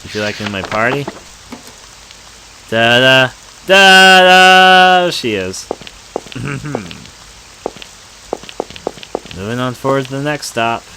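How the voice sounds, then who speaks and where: A man's voice: mid-range voice, slow pace, vocal fry, long pauses, background noise. A man giving casual, joking commentary while playing a horror game. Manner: joking, self-mocking asides. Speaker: let's play commentator.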